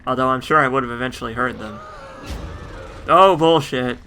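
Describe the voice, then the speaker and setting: A man's voice: medium pitch, flat delivery, rapid-fire, sharp tone, slight background noise. A man giving casual let's play game commentary with wry, joking asides.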